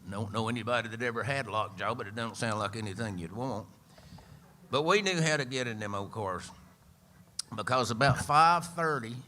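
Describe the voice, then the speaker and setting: Live on a radio show, a singer-songwriter and storyteller in his 70s spins a folksy yarn with dry humor in his East Tennessee accent. His medium-pitched voice sounds pushed and bright, and there's a little noise in the background.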